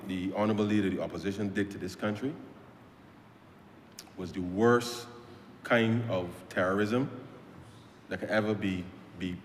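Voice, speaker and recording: Barbadian MP speaking in an echoing chamber. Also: male voice, on the low side, slight background noise. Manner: emphatic, repetitive, addresses "sir" nearly every phrase. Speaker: member of parliament. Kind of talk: parliamentary speech. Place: legislative chamber. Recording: echoey chamber with long reverb.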